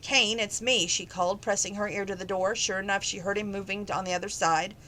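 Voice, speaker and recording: Lady reading a christmas novel aloud, casual, slips here and there, mid pitch, faint hiss. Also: little pitch movement, quick pace, fairly bright tone, low-quality recording. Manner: plain, with small slips and restarts. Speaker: reader. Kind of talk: casual read-aloud narration.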